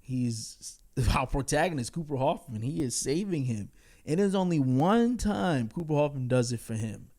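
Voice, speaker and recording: A man's voice: mid-range voice, expressive, normal speed, darkish tone. Blunt, candid man giving a movie review. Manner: candid and blunt, with frequent fillers and chuckles. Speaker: film reviewer. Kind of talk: casual spoken movie review.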